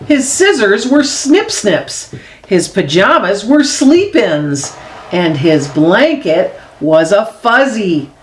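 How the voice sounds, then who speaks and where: A woman reading a children's picture book aloud as a storyteller, expressive and unhurried, dropping low for the grown-ups. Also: reverberant. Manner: slow expressive read-aloud with lively swings; drops low and soft for the grown-ups' voices.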